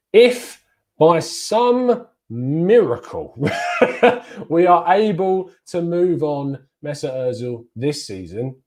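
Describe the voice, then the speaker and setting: A man giving chatty, rambling football fan commentary as the host of a fan channel, stressing each name as he goes. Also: mid-range voice. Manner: chatty, rambling, lively emphasis on names.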